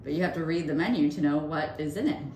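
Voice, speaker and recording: Low-voiced woman telling animated stories. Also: fast talker. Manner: animated, acts out quoted voices with big pitch jumps. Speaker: podcast co-host. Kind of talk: casual storytelling chat. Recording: echoey room with faint noise.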